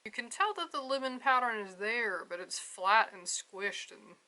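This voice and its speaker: A woman's voice: fairly high pitch, lively intonation, moderate pace, pushed and bright. A woman narrating a casual crafting vlog at home, chatty and self-mocking, often breaking into laughter. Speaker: crafting vlogger. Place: home apartment.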